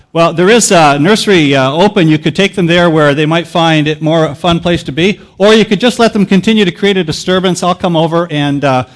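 Man, pastor, sermon in a church, high-pitched, relaxed joking delivery, explains like a teacher. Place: church sanctuary.

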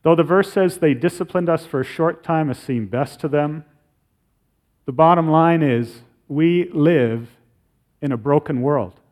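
A middle-aged man preaching a sermon as pastor, earnest, slowing down when he reads scripture aloud. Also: fairly high pitch, darkish tone. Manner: earnest, slows down to read scripture.

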